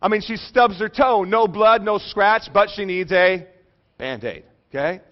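A man's voice: sits high, measured pace, dull audio. A man in his thirties preaching a sermon in a conversational, joking way, often checking in with his listeners. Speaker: pastor.

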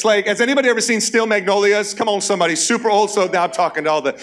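A man's voice: high voice, steady tone, racing, a bit bright. A man in his forties preaching a sermon in a church, conversational and humorous, calling out to the congregation. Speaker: pastor. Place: church auditorium.

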